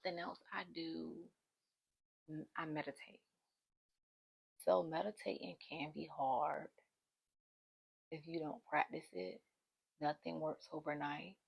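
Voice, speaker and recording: A woman's voice: low-pitched, expressive, slow, creaky, pauses often, husky, muffled recording. A young woman vlogger talking straight to her viewers, giving casual self-help advice in a chatty, informal way.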